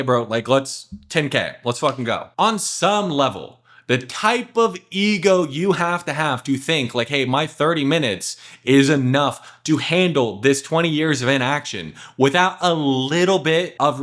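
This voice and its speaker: A man's voice: a little high, fairly bright tone. A young adult man coaching salespeople to camera in a blunt, emphatic way, swearing casually and acting out what prospects say.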